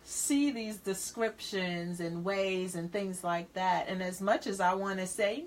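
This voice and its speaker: A woman's voice: medium pitch, unhurried, hardly any pauses. Chatty woman radio host. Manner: laughs often, chatty with many fillers. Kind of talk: casual radio chat. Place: radio studio.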